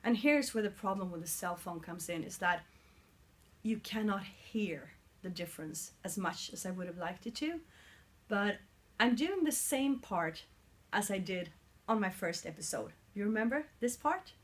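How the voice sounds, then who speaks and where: A woman's voice: mid-range voice, expressive, moderate pace. A woman in her forties from Sweden speaks in a Swedish accent, recorded on a mobile phone. She explains things earnestly in a casual vlog and now and then hunts for the right word. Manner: earnest and explanatory, searching for words at times. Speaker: singer vlogging her vocal training.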